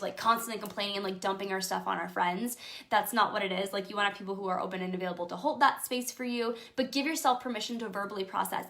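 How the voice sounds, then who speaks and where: Bright-voiced chatty woman coach. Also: mid-range voice. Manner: chatty and emphatic, with many fillers. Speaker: life coach. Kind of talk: casual motivational talk.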